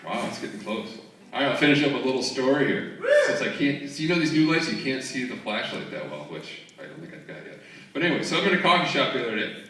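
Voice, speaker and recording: A man's voice: mid-range voice, lively intonation, fast, bright, forceful tone. Sarcastic stand-up comic man in a roomy hall. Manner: sarcastic, conversational. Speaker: stand-up comedian. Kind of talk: stand-up comedy set. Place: theater stage. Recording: roomy, distant audience recording.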